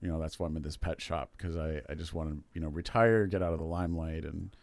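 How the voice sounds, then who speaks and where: Rambly worn-out talking cat guy, a man putting him on, low voice, lots of ums. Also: fairly even intonation, fast talker, vocal fry, darkish tone, no room sound. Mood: rambling. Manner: rambling, full of fillers. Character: weary male talking cat, chatty.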